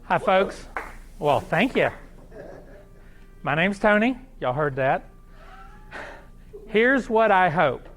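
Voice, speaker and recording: A man with an Oklahoma accent giving a live seminar talk, folksy and animated, asking the crowd questions. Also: high voice, takes it slowly, pauses often, slight background noise. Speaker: seminar speaker.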